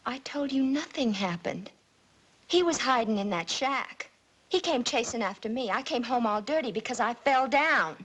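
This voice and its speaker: Frightened young girl, tearful and pleading, bright high voice; 1950s TV drama. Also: expressive, moderate pace, husky. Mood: defensive pleading. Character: frightened young girl accused of starting fires. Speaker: daughter.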